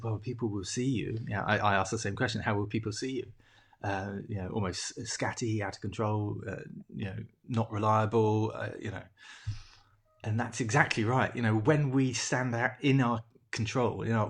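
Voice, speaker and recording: A man coaching on mindset, talking reflectively and haltingly, with many restarts and fillers. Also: lowish voice, slightly rough. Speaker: coach hosting a mindset program. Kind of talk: reflective solo talk.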